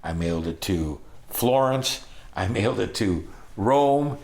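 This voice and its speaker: Animated older male storyteller, low voice. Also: unhurried. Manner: animated, acts out voices, bursts of loud excitement. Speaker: storyteller recalling his travels. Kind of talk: casual spoken storytelling.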